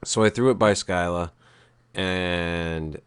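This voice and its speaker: A man hosting a casual webcast, speaking in a calm, low-key radio-style delivery that rambles with fillers and the odd swear. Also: slow, smooth, dry recording, clean studio sound. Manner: rambling, with frequent fillers and profanity. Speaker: podcast host.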